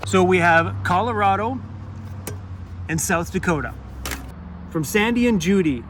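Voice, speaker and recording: A man's voice: a little high, slight background noise. A man vlogging outdoors in a park, chatty and upbeat, laughing often as he opens packages. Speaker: van life vlogger. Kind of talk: casual vlog talk. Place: outdoors in a park by a parking lot.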